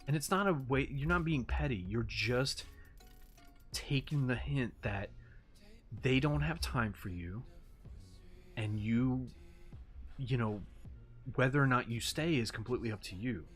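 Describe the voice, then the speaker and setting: A man hosting a casual commentary video, ranting in an animated, exasperated way with frequent profanity and mocking asides. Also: medium pitch, a little slow, long pauses, soft background music. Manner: animated, swings into mocking impressions and sarcastic read-outs. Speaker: commentary host.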